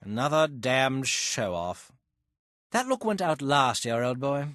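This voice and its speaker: Foppish necromancer dandy, snobbish and mocking; voice leaps all over, recorded dry. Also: male voice, medium pitch, very animated, slow pace, a bit bright, no room sound. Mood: sneering, disdainful. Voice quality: plummy, theatrical, lots of bursting laughs. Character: haughty foppish male necromancer companion, sneering. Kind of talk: game voice acting. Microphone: close studio mic.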